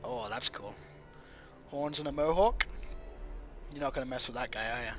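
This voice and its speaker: A man hosting a casual let's-play, chatting in a relaxed, amused way as he builds a character. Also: fairly high pitch, normal speed, vocal fry. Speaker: gaming channel host. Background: game music.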